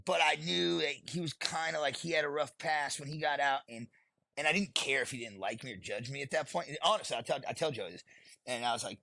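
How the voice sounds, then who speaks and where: Middle-aged man, gravelly and husky, blunt and profane storyteller, podcast guest. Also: mid-range voice, fast talker, bright, forceful tone, dry recording. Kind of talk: candid storytelling.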